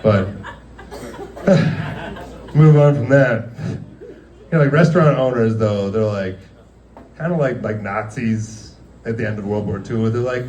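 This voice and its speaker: In a dimly lit restaurant before a live audience, a man in his thirties does casual stand-up, rambling and laughing through his stories with lots of "like." His darkish, low voice moves slowly with long pauses, picked up far from the mic.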